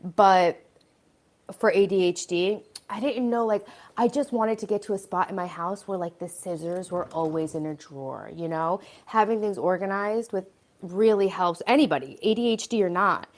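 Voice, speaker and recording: A woman's voice: medium pitch, moderate pace. A middle-aged woman hosting a casual live stream, rambling and chatty with lots of "like" and "you know" as she talks about her home. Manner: rambling, chatty, many fillers. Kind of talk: casual live-stream chat while tidying.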